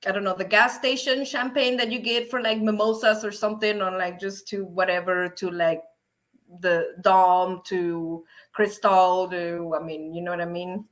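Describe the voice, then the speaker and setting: A woman hosting a casual livestream, excitable and laughing often as she chats with viewers. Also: fairly low pitch, normal speed. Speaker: livestream host. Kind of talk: casual livestream chat reading viewer comments.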